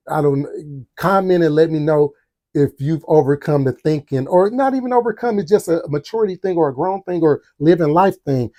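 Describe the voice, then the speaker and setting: A man hosting a storytelling podcast, telling a personal story animatedly and speaking straight to his listeners. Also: on the high side. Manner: animated, talks to the audience, acts out quotes. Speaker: podcast host.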